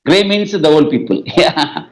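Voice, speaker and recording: A man's voice: on the high side, lively intonation, measured pace, low-quality recording. A man with an Indian English accent, an English teacher answering interview questions, often repeating phrases and stringing synonyms together with small laughs.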